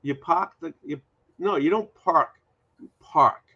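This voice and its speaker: A man with a Boston accent in a casual chat, animated and insistent, often repeating himself. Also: fairly high pitch, measured pace, slightly rough, highs cut off.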